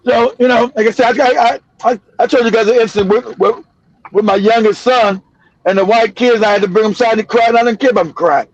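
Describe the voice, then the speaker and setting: Middle-aged guy streaming, high-ish voice, blunt n repetitive, dry dull audio. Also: steady tone, quick pace, no room sound. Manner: blunt, emphatic, repeats himself, laughs often. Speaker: show host. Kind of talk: casual live-stream commentary.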